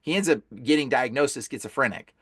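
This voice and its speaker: A man guesting on a podcast who tells his story in an excited, casual way, full of "bro" and "like". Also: mid-range voice, fast, slightly rough, dry recording, clean studio sound. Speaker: podcast guest, deliverance minister. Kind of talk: animated storytelling.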